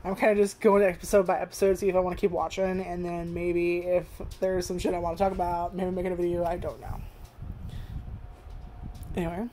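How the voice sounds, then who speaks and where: Low mellow-voiced young woman vlogging. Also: little pitch movement, fairly quick, slight background noise. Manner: rambling, swears freely, lots of "like". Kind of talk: casual first-impressions review.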